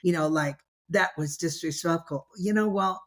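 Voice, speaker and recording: A woman's voice: fairly low pitch, normal speed, a bit bright. An older grandmother, a guest on an interview show, telling stories in a rambling way, full of "you know" and restarts, acting out the voices she quotes. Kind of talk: casual interview storytelling.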